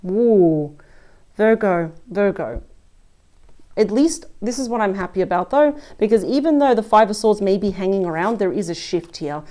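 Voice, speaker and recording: A woman's voice: mid-range voice, lively intonation, a little fast, few pauses, dark tone. A woman giving a casual tarot reading, chatty and full of exclamations, speaking straight to her listener. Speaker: tarot reader.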